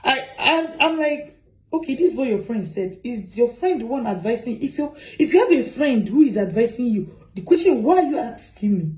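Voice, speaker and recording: A woman giving advice as a migration consultant, animated and repeating her points with rhetorical questions. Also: fairly high pitch, moderate pace, low-quality recording. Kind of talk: advice talk to camera.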